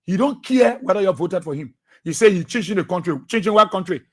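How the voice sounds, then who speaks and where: This is a man with a Liberian English accent hosting a political talk show on the radio. His voice sits very high, and he mixes mocking laughter with preachy repetition, circling back to the same lines. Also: animated, fast. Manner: laughs often, mocking and preachy, repeats phrases.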